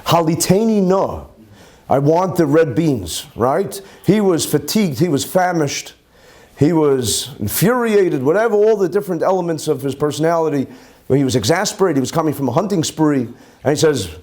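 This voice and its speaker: A man, a rabbi, teaching a lively Torah class to a live audience, firing off rhetorical questions and Hebrew terms. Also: on the high side, a little fast.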